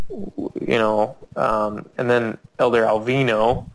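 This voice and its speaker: A man's voice: flat delivery, takes it slowly, poor audio. A man telling a rambling, restart-filled anecdote, his voice leaping up whenever he quotes someone. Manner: rambling with many restarts, jumps high when quoting people. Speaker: storyteller. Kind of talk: casual anecdote told to a small audience.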